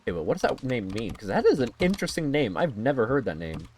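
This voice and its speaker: A man chatting casually to his viewers during a game stream, jokey and quick to laugh. His voice swings lively up and down at a middling pitch, with faint game music underneath. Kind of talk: casual gaming stream chat.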